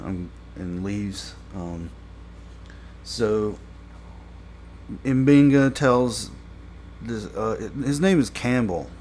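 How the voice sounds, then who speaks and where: A man talks through a TV episode review in a casual, meandering way, leaning on fillers and restarts. His voice sits fairly low and he takes his time. Faint noise hums in the background. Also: drawn-out words, pauses often. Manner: rambling, heavy on fillers, gets exasperated and louder when complaining.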